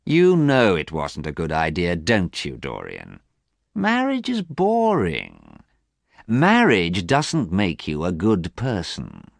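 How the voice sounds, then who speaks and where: A man voicing a cynical, worldly older gentleman who speaks in a slow, drawn-out way, in a storybook reading. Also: sits low, wildly swooping pitch, creaky, no room sound, full character voice. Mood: languid.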